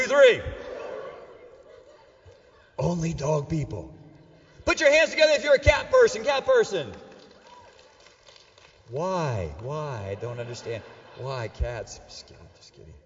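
A middle-aged man preaching to a church crowd, his voice pitched high for a man and full of playful banter. He swings from loud, joking calls to hushed, earnest lines. The sound is dull and carries a long echo from the big hall. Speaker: pastor. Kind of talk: sermon. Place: church auditorium with a live audience.

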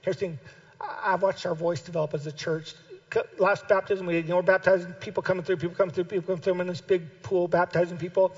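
High-pitched guy preaching hard, keeps repeating lines, gets shouty, muffled lo-fi sound. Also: level tone, fast talker, slightly rough. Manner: impassioned, builds to shouted exhortation; repeats key phrases for emphasis. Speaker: pastor. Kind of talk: sermon. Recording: dull lo-fi recording.

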